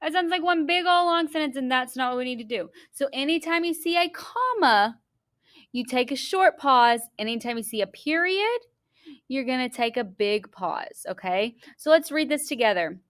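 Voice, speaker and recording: A young adult woman teaching a class, explaining step by step and reading a story aloud slowly and deliberately in an encouraging way. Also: high-pitched, animated, fairly bright tone.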